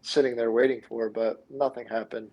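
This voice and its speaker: A man's voice: medium pitch, level tone, moderate pace, lo-fi sound. A man co-hosting a casual sports podcast, laid-back, giving short replies padded with fillers. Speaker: podcast co-host.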